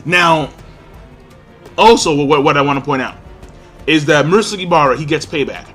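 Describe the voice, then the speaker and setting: Excitable man with a bright, forceful voice. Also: moderate pace, soft background music. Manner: excitable, acts out characters' lines with big pitch jumps. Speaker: anime reviewer. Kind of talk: casual spoken review.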